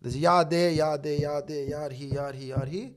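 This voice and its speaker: A man's voice: on the high side, normal speed. A middle-aged man, a podcast guest telling stories in casual chat. He talks animatedly, swears a lot and acts out what others said. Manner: animated, swears heavily, acts out quoted dialogue.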